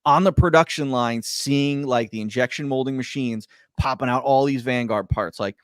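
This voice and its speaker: A man casually telling a long story on a podcast, rambling and stumbling over his words, his voice swinging between loud bursts and quiet mutters. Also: medium pitch, normal speed, clear, resonant tone, no room sound, clean studio sound. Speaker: podcast guest.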